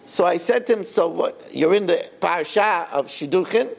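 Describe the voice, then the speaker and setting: A man's voice: high voice, lively intonation, moderate pace, gravelly. An older man, a rabbi, telling a story in a sermon and acting out the quoted dialogue with animation.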